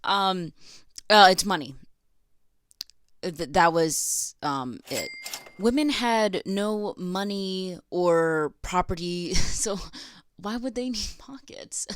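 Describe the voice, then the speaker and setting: A woman's voice: on the low side, unhurried, no room sound, clean studio sound. A young American woman hosting a casual educational vlog, sarcastic and chatty, laughing between lines. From United States. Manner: sarcastic, giggly, chatty asides. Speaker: video essay host.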